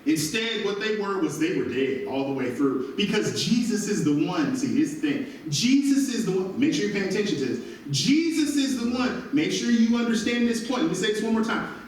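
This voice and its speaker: A male pastor preaching an animated sermon, recorded from a distance in a church. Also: high-pitched, normal speed. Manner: animated preaching with call-and-response asides. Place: church sanctuary. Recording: very echoey church from far off.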